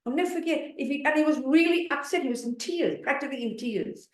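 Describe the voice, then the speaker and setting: Quick-paced and high-pitched, this woman in her seventies is a Buddhist nun delivering a dharma talk in a hall with roomy acoustics. She speaks bluntly and emphatically, pushing listeners with rhetorical questions.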